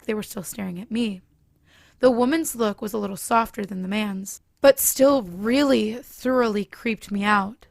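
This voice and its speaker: A woman narrating a scripted horror story in a steady reading manner. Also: medium pitch, creaky, no echo.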